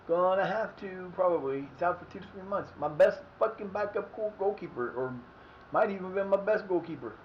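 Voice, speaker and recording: A man streams a soccer management game, swearing and muttering to himself in exasperation as he gives live commentary. His voice is high-pitched and a little fast. The lo-fi recording carries slight background noise.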